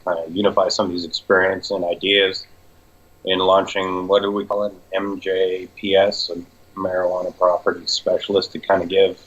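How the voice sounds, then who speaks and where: A man's voice: deep voice, lo-fi sound. A man working as a real estate agent, telling stories in a casual, joking interview.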